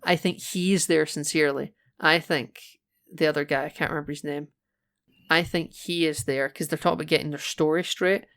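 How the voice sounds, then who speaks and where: A man co-hosting a podcast, chatting casually and animatedly about a film, quick to laugh. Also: on the high side, steady tone, vocal fry, fairly bright tone. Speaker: podcast co-host.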